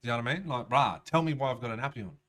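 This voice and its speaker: A man's voice: mid-range voice, lively intonation, racing, a bit bright. A man, a rapper telling a rambling, profane story in casual storytelling style. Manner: profane, rambling, streetwise slang.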